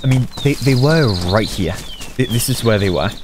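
A man hosting a gaming channel, narrating and chatting with teammates, excitable and nervous. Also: medium pitch, noisy background. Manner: excitable, nervous, quick reactions. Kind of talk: gameplay voice chat and narration.

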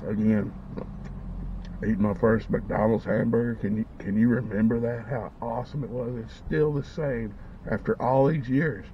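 A man's voice: mid-range voice, steady tone, moderate pace, a little hiss or hum. A man vlogging casually as he eats, savoring each bite and talking with his mouth full, on a dull lo-fi recording. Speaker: food vlogger. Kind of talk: casual eating vlog.

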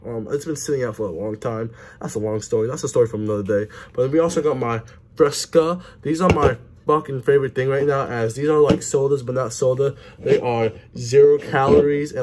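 Casual male vlogger, average pitch, phone-camera sound, excitable sports fan who swears and talks with his mouth full. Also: quick pace, background noise.

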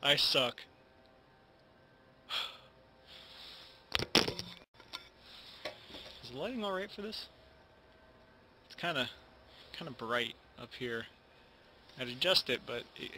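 There's background noise as a young YouTuber talks to camera at home in a mid-range voice, a little slow and with long pauses. He's casual, rambles and mumbles in places, and keeps restarting and retaking lines.

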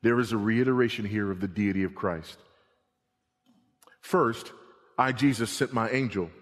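A middle-aged male pastor preaching a sermon, swinging between emphatic repeated warnings and hushed, low passages. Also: moderate pace. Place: church sanctuary. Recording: long reverb of a church hall.

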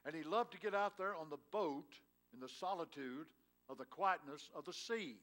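A man's voice: a little high, normal speed, a bit bright. A male pastor preaching a sermon in a church, telling a Bible story in a folksy way and rising with emphasis. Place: church sanctuary.

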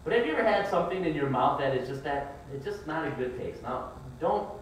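A middle-aged pastor with a fairly high, animated voice preaches briskly in a church sanctuary. He tells folksy stories about his family and acts out his children's whining. A distant mic in the echoey room picks up slight background noise.

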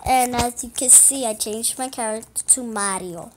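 A woman's voice: fairly high pitch, normal speed, noisy background. A woman chatting playfully through a gameplay video, rambling and talking to herself as she plays. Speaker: gaming video creator. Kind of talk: casual gameplay commentary.

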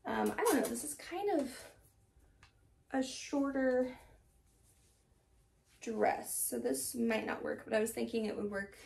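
A woman's voice: on the high side, lively intonation, measured pace, gravelly, long pauses, a little mellow, far from the mic. A young woman chatting casually at home about her thrift haul, rambling and laughing often. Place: home room.

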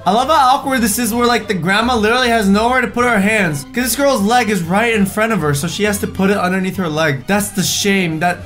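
A young man with a high voice talks casually through a reaction video, cracking jokes and mocking the people in the pictures with put-on voices. Faint music plays quietly behind him. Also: a little fast, few pauses. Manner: animated, jokey, puts on mocking voices for people in photos.

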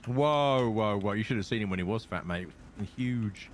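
A man's voice: on the low side, normal speed, crowd noise. A man roleplaying in a game, joking, teasing and swearing with his friends. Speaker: streamer roleplaying.

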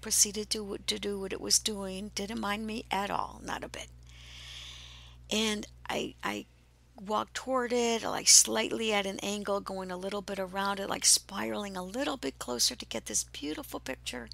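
A woman hosting a podcast, telling a personal spiritual story in a slow, hushed way that often drops to a breathy whisper. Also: mid-range voice, fairly even intonation. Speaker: podcast host.

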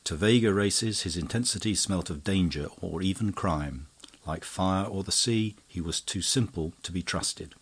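A man reading an audiobook in a measured, even scripted narration. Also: low voice, breathy edge.

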